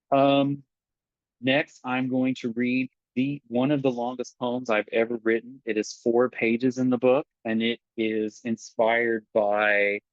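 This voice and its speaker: Poet with dull, dry call audio. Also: male voice, medium pitch, no room sound. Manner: relaxed, wry asides; slow, deliberate delivery when reading poems. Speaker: guest poet. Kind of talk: poetry reading with casual introductions.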